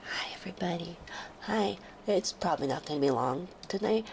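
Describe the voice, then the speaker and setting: A woman chatting casually on her live stream while sick with a fever, often dropping into soft whispers. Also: on the low side, animated, gravelly, slight background noise. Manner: slow and soft, drifting into whispers. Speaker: livestreamer. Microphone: close studio microphone.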